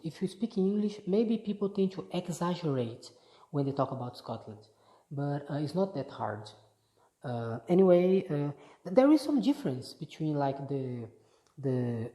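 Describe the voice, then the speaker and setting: Low-voiced woman vlogging. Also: warm tone. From Brazil. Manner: chatty, easygoing, often restarts sentences. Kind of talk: casual vlog monologue. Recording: echoey room.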